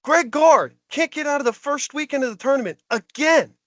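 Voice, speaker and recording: On a podcast, a male co-host launches into a heated, exasperated sports rant. His voice is extremely high-pitched, his speed normal, and there's no echo.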